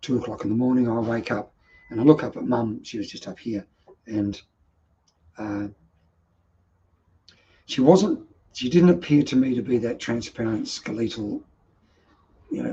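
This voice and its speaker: A middle-aged Australian man with a gravelly, mellow voice shares personal stories as a vlog host. He speaks in an earnest, emotional and reflective way. The sound is dull and lo-fi. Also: mid-range voice, a little hiss or hum. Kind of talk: personal storytelling monologue.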